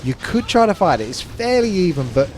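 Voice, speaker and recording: A man's voice: sits high, sing-song, brisk, darkish tone, a little hiss or hum. A man casting a live strategy game match, chatty and analytical. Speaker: esports caster.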